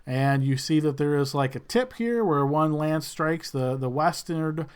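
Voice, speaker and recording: A man's voice: a little high, a little slow, clear, resonant tone. Man narrating as game master. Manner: descriptive, loose narration with fillers.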